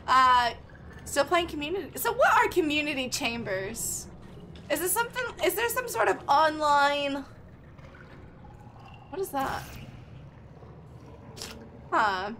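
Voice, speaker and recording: High, bright-voiced woman streamer. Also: big pitch swings, takes it slowly, pauses often, a little hiss or hum. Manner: chatty, thinks aloud, greets chat loudly. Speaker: game streamer. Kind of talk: live gameplay chat with viewers.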